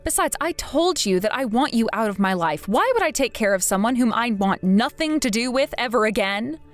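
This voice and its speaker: A woman speaking firmly and coldly as a daughter cutting off her family in an animated story. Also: a little high, brisk, faint music behind. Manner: firm and cold. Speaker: narrating daughter.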